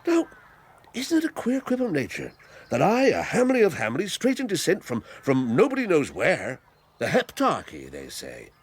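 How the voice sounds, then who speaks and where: A man's voice: fairly high pitch, huge pitch swings, moderate pace, slightly rough, heavily acted. An actor playing a hearty, talkative old country squire in a radio drama, rambling and fatherly. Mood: proud. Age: older. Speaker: Squire Hamley. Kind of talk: 1980s radio drama acting.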